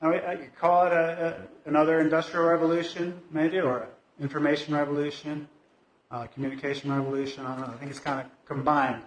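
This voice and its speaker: A man delivers a loose, conversational talk in a church, thinking aloud and often restarting his sentences. His voice sits a little high. The room's echo hangs around every word. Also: little pitch movement, fast talker, slight background noise. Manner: conversational, hesitant, many fillers and restarts. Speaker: lay speaker at a church service. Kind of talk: informal talk from the pulpit. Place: church sanctuary. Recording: echoey church hall.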